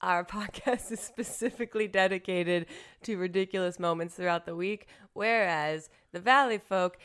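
A woman co-hosting a podcast in casual chat, wry and quick to laugh, often trailing off mid-sentence. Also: lowish voice, fairly bright tone, smooth. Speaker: podcast co-host.

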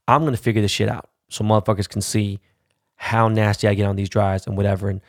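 A man in his thirties with a lowish, gravelly voice holds forth in a casual, rambling rant. He is brash and swears freely. The sound is dry and close, with no room echo. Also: level tone, fast talker. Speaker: car vlogger. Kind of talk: casual profane vlog rant.

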